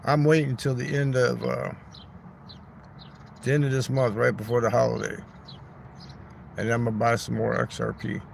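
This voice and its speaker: A man's voice: mid-range voice, flat delivery, moderate pace, gravelly, pauses often, a little hiss or hum. A man hosting a rambling, crude, joking livestream outdoors in a neighborhood park, talking into his phone. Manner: rambling, crude joking, talks back to chat. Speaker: livestream host. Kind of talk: rambling casual livestream chat.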